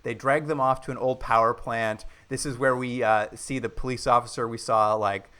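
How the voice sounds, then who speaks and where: A man co-hosting a podcast, casually recapping a movie and acting out quoted lines with lively energy. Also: mid-range voice, moderate pace. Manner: animated retelling, acts out quoted lines. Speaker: podcast co-host.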